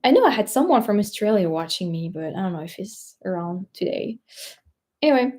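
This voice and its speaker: A woman's voice: mid-range voice, animated, a little fast, a little mellow. A French woman with a French accent hosting a casual livestream, rambling, searching for words and laughing often. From France. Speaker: vlogger host.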